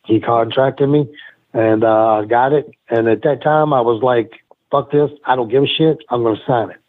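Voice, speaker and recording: A middle-aged man, a former pro wrestler, telling rambling, profane stories with quick laughs as a guest in a casual interview. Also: medium pitch. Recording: tinny phone-like line.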